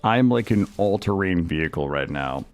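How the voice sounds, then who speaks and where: Excitable swearing game streamer, man. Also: low voice, normal speed, soft background music. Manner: excitable, swears often, talks to chat. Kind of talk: live gameplay commentary.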